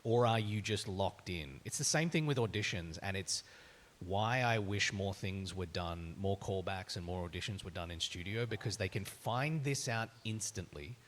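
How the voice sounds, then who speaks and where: A man's voice: deep voice, moderate pace, a bit bright, a little hiss or hum. A man with an Australian accent, a voice actor speaking on a live panel and telling candid, self-deprecating stories about auditions.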